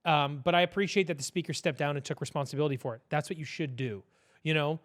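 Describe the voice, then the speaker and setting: Opinionated male podcast guest, rapid, blunt delivery, bright high register. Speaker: podcast guest, business owner. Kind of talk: casual political chat.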